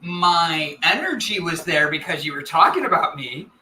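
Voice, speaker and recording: He's a guest on a live show, a teasing, rambling storyteller trading jokes with the host. His fairly high voice is expressive and sharp at a normal speed, with slight background noise, roomy echo and distance from the mic.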